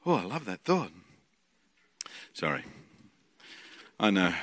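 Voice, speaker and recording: A man with an Australian accent preaching a sermon, excitable and jokey, swinging from loud bursts to quiet asides. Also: low-pitched, slow pace. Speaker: preacher and Bible college teacher.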